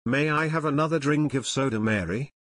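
A man's voice: medium pitch, brisk, fairly bright tone, lightly acted. A man voicing a chubby, self-important teenage boy who complains, in a read-aloud story. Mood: whiny.

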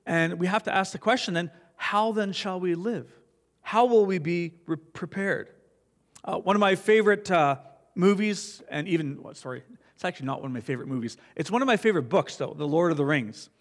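A man's voice: high voice, a little fast, big-room sound. A man giving a Sunday sermon in an earnest, reflective way, reading scripture aloud. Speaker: pastor.

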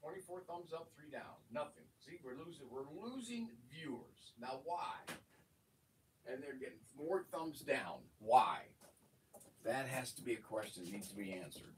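Gruff man hosting a shop livestream. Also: medium pitch, expressive, normal speed. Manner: gruff, grumbling banter. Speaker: livestream host. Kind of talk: casual chat. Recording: distant mic, noisy room.

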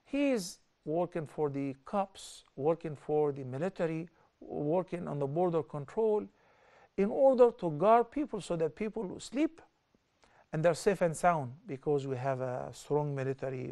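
A middle-aged man explains scripture in a televised religious lesson. His voice sits a little high. He talks earnestly and lifts sharply in pitch and volume to stress his points. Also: normal speed. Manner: lively, with sharp rises in pitch and loudness for stress. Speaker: religious teacher.

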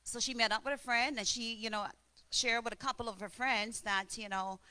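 A woman preaching a sermon, telling stories and demonstrating slow breaths. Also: a little high, steady tone, sharp tone, clean tone.

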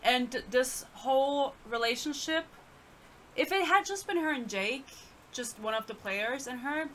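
A woman's voice: high voice, expressive, measured pace, fairly bright tone, a little hiss or hum. A young woman from Germany, ranting sarcastically in casual chat as she reviews a book. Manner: sarcastic, ranting, reads excerpts aloud. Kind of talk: casual rant.

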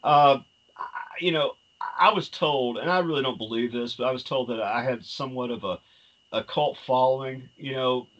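A man's voice: medium pitch, normal speed, a bit bright, highs cut off. A man co-hosting a casual talk show, speaking in a rambling, hesitant way with lots of fillers and restarts. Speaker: co-host. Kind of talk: casual chat.

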